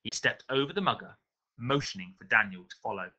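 A male teacher reading a novel aloud to his class with expressive storytelling. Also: on the low side, brisk, rough recording.

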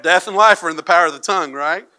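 A male pastor delivers a sermon to his church, mixing a lively told joke with prayer and scripture reading. His voice is bright and forceful. He sits a little high in pitch. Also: rapid-fire. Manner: lively storytelling, puts on a panicked voice in the joke. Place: church sanctuary with congregation.

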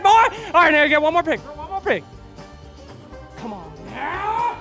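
Very high-voiced, shouty male event host. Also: normal speed, creaky, soft background music. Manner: exaggerated, shouty, excitable. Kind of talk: comedic hype segment. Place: esports event venue, indoors.

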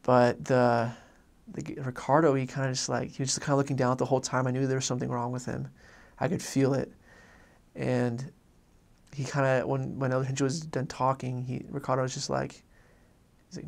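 Young guy telling a story, lots of ums and restarts, gravelly, pretty monotone. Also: medium pitch. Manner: halting, repeats words, many fillers. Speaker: former missionary. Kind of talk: personal storytelling.

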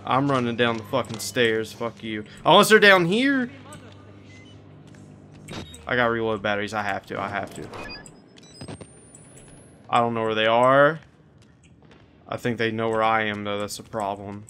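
A man giving frantic commentary while playing a horror game, swearing and shouting at what chases him. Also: fairly low pitch, animated, unhurried, long pauses, a little hiss or hum. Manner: panicky, swearing, yelling at enemies. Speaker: gaming video creator.

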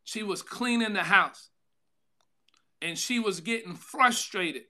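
A man pastor giving a devotional sermon, calling out to listeners by name, with a drawn-out delivery and sudden loud bursts. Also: high voice. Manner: preaching with call-outs to listeners by name.

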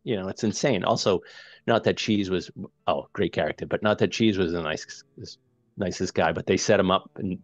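A man's voice: sits low, moderate pace, no room sound, highs cut off. A man hosting a movie podcast, chatting casually and recapping the plot with many fillers and restarts. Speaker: podcast host.

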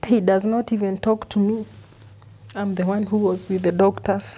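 A woman, an interview guest, recounting a painful personal story in an earnest, halting way, often repeating words. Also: medium pitch, little pitch movement, dark tone, slightly rough. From Kenya. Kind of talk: personal testimony.

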